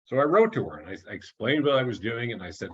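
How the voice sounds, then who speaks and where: Chatty man with a husky, muffled voice. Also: mid-range voice, big pitch swings, fast. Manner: chatty, self-interrupting, chuckles at own stories. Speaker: author giving a talk. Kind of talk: online presentation, anecdotal.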